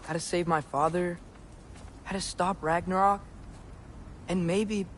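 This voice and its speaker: Male dubber as a sincere young hero; slow, measured, a bit high. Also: fairly even intonation, fairly bright tone, slight background noise. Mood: earnest. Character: determined earnest young man hero. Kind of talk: fan voice dub.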